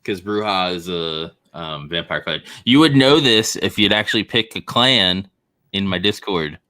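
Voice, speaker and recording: A man with a very low voice that still has a bright, forceful edge talks through game plans in a relaxed way. He fills his sentences with "uh" and "like" while casually chatting with his co-hosts. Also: a little slow. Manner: laid-back, explaining plans with many fillers. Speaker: co-host and game organizer. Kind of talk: casual chat.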